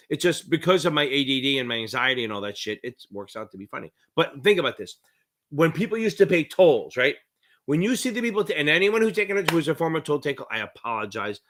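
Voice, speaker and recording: A middle-aged man with a New Jersey accent, tutoring on a live-stream Q&A in a rambling, profane, excitable way. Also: a little high, fast talker. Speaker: exam prep tutor.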